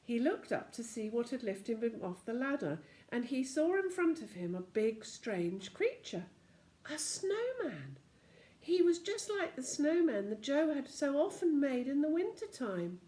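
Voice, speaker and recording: An older woman, a grandmother, reads a storybook aloud to her grandchildren in an expressive storytelling manner. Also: high-pitched.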